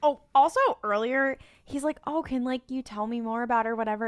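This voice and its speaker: A woman co-hosting a podcast in casual chat, blunt and lively, with plenty of swearing. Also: high voice, fairly quick, clean tone. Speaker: podcast co-host.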